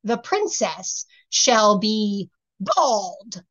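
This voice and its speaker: A woman's voice: medium pitch, very animated, extremely slow, fairly bright tone, exaggerated voice. A woman voicing the oldest and most wicked fairy, who talks in a scolding, imperious way, on a slightly muffled recording.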